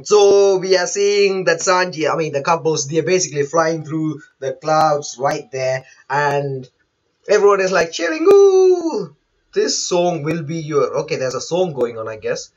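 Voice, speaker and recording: A man's voice: on the high side, animated, normal speed, highs cut off. A man who is not a native English speaker, chatting through a manga chapter live, reading panels aloud and laughing often. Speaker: manga reaction host. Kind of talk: live reaction commentary.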